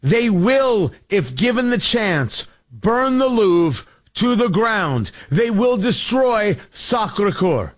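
A talk radio host delivers an impassioned, sarcastic political monologue in a high voice. His pitch leaps and dives all over the place as he presses his points, and he is fiery and cutting throughout.

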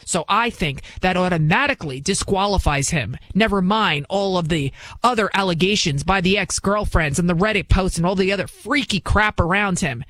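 A woman's voice: on the low side, normal speed, a bit bright, no echo. A woman political commentator talking in an indignant, emphatic way, firing off rhetorical questions and repeating her points. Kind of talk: opinion monologue.

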